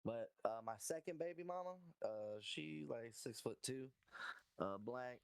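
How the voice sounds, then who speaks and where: A man co-hosting a podcast who talks in a profane, offhand, joking way while high. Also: lively intonation, a little slow, creaky, clean tone, no echo. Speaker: podcast co-host. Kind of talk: casual chat.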